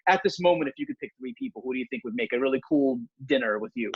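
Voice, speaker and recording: Husky-voiced man hosting, dull dry sound. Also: medium pitch, very animated, very fast, dry recording. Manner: chatty, jokey, asks questions. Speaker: podcast host. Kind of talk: casual video-call interview.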